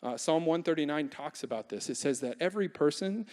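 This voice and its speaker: A young male pastor with a slightly high voice gives a conversational, joking sermon. His voice rings out with a long reverb in a large church hall. He often throws questions out to the congregation. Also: lively intonation, a little fast, a little mellow.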